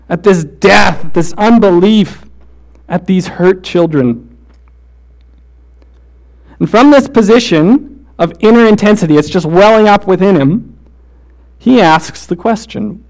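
A man with a high, light voice delivers a sermon. He tells stories in a quick, casual way, peppered with "like" and "right?", then slows to a soft, intense hush for emphasis. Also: expressive. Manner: shifts between fast casual storytelling and slow hushed emphasis. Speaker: preacher.

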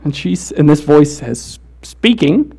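A man with a high, light voice delivers a sermon. He tells stories in a quick, casual way, peppered with "like" and "right?", then slows to a soft, intense hush for emphasis. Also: expressive, slight background noise. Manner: shifts between fast casual storytelling and slow hushed emphasis. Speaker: preacher.

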